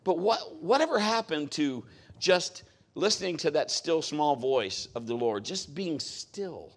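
A man's voice: fairly high pitch, very animated, unhurried. A middle-aged man preaching a sermon as a pastor, talking in a conversational, folksy way with joking asides.

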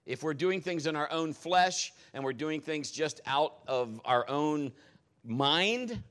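A man preaching a sermon, telling stories in a jokey, animated way. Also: fairly high pitch, takes it slowly.

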